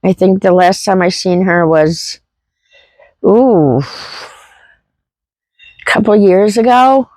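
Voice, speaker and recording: Slow-talking heartfelt woman storyteller. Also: medium pitch, darkish tone, no echo, low-quality recording. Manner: rambling, heartfelt, with frequent fillers and restarts. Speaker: homesteading vlogger. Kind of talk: casual personal storytelling.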